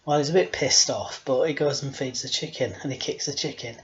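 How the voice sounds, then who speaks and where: A man's voice: medium pitch, brisk, dull audio. Rambling, self-mocking man. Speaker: storyteller host. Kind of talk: casual joke-telling home video.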